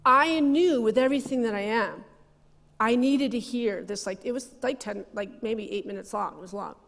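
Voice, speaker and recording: A woman's voice: fairly high pitch, moderate pace, gravelly, fairly bright tone. A woman minister giving a sermon, telling personal stories with frequent laughter and conversational asides. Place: church sanctuary. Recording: long reverb of a church hall.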